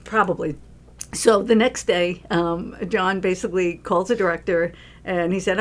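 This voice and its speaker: A woman's voice: lowish voice, normal speed. A woman from New York, a film producer, telling stories in casual chat and acting out what people said. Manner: animated storyteller, acts out quotes.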